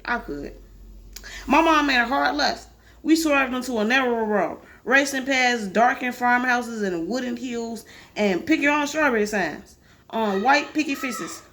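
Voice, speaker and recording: A woman's voice: high voice, sharp tone. A woman reading a novel aloud in a casual style, dropping in offhand asides with swearing. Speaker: reader.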